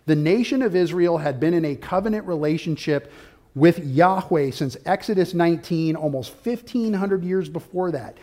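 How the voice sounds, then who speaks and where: Emphatic preacher man, slightly higher voice. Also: normal speed. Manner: emphatic, builds to loud peaks; outlined teaching with subpoints. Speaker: pastor. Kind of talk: expository sermon.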